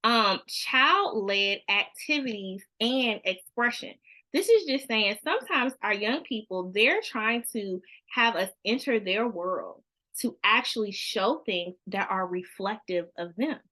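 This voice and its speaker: A woman's voice: medium pitch, animated, measured pace, bright, forceful tone. A woman leading a church youth counseling workshop, chatting casually and acting out parent-child conversations. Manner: frequent "you know what I mean" asides.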